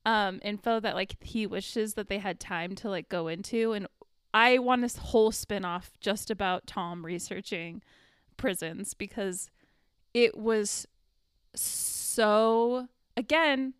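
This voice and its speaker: A woman talking in a relaxed, chatty way about television, with a smooth, clear voice. The sound is dry and close, with no room around it. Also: mid-range voice, takes it slowly, dry recording. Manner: animated, lots of fillers and laughs. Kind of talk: casual chat about a TV show.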